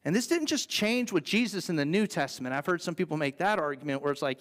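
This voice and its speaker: A man with a high, light voice delivers an earnest, conversational sermon, dropping in playful asides. His voice carries a long reverb from the church sanctuary around him. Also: lively intonation, fast, few pauses, a bit bright. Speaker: pastor.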